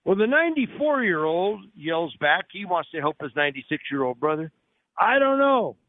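Man, radio host, high voice, upbeat promo patter, tinny phone-line sound. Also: lively intonation, brisk. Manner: upbeat salesman-like delivery, jokey. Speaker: radio talk show host. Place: on location at a restaurant. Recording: narrow phone-like radio audio, dry.

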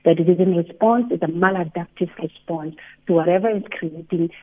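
A woman's voice: on the low side, a little fast. Woman on a tinny phone line. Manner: animated, acts out inner voices. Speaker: psychologist guest. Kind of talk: explaining on a radio show.

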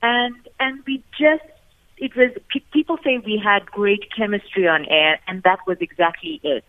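A woman's voice: on the high side, lively intonation, moderate pace, dry recording. South African woman on a phone line. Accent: South African English. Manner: warm storytelling, acts out quotes. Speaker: guest, former radio co-host. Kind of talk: phone-in radio tribute chat. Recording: tinny phone line, dry.

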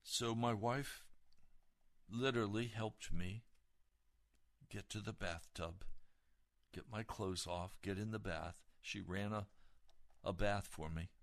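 A man telling a personal testimony as a sermon, in a dramatic, emotional storytelling manner that rises suddenly into loud peaks. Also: fairly low pitch, slow pace, pauses often. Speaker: preacher.

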